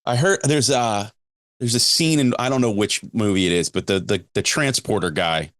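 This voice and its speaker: A man's voice: fairly low pitch, moderate pace, a bit bright, no echo, studio quality. A man co-hosting a podcast, talking in a laid-back, hesitant way. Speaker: podcast co-host. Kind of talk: casual podcast chat.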